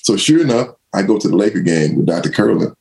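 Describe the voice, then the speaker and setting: A man's voice: low voice, fast talker, vocal fry. An older man, a former pro football player, telling stories casually in an interview and acting out quotes in a raised voice. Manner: animated, acts out quotes in raised voice, laughs often. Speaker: former pro football running back, guest.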